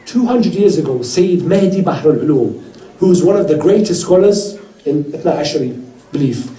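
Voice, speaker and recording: A man giving a religious sermon to a gathering, telling stories earnestly and voicing the people in them. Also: a little high. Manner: earnest storyteller, quoting others in lively voices. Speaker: speaker at a mourning gathering. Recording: roomy hall heard from a distance.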